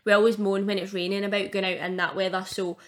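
Young Scottish woman, co-host and coach, rambling and loose with an easy laugh, pitched mid-range. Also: flat delivery, fast talker, a bit bright. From Scotland. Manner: chatty, laughing often, rambling with lots of fillers. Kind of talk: casual podcast chat.

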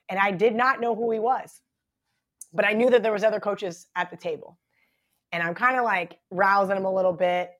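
A woman in her thirties, a podcast guest, telling a long story in casual chat, full of "like" and "right?". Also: mid-range voice. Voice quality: chatty, lots of "like" and "right?".

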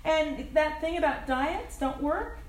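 In an echoey room with faint ambience, an older woman frankly tells her recovery story at a meeting, cursing offhandedly and chuckling at her own expense. She speaks slowly, her voice sitting high with lively intonation.

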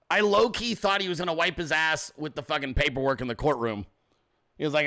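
A man's voice: fairly high pitch, brisk, sharp tone. A man hosting a podcast, talking in a casual, profane, joking way and often mimicking other people. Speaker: podcast host. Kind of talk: casual political commentary.

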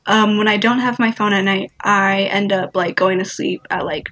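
Husky young woman leading a casual chat. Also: medium pitch, a bit bright. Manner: rambling, giggly, many fillers. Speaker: host.

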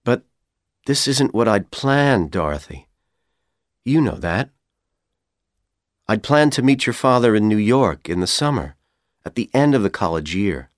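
Man doing a scheming young college guy, calm coaxing tone, low voice, dry close sound. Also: a little slow, long pauses, no echo. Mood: persuading.

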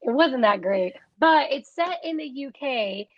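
A young woman co-hosting a casual podcast chat, talking in a chatty way with quick asides and frequent laughs. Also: sits high, expressive, no room sound, highs cut off. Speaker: podcast co-host.

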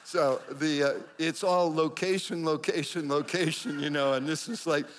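Middle-aged male pastor, animated sermon storyteller, fairly high-pitched, acts out the voices in his stories. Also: moderate pace, slight background noise.

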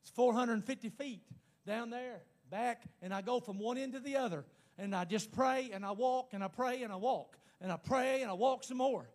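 A man preaching a sermon, emphatic and repetitive, rising to shouts at times. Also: extremely high pitch. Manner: pauses to speak in tongues.

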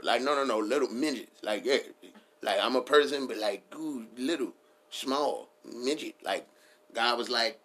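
A man's voice: medium pitch, brisk, a bit bright, slightly rough. A man riffing in a casual comedic style, rambling and profane, laughing at his own jokes.

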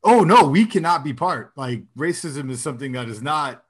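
A man casually telling a story in a chat, animated and acting out the people he quotes. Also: normal speed, slightly rough. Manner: animated, acts out quoted people with big pitch jumps.

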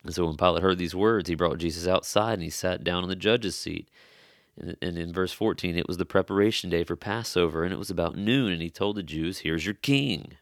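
A man's voice: low-pitched, fairly quick, no room sound, studio quality. A man preaching an expository sermon in an earnest, conversational way, stressing key phrases.

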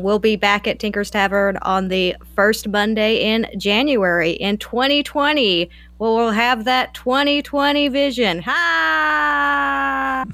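A woman's voice: on the high side, fairly bright tone, dry recording. A young woman hosting a casual podcast chat, light and teasing, laughing often. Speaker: podcast host.

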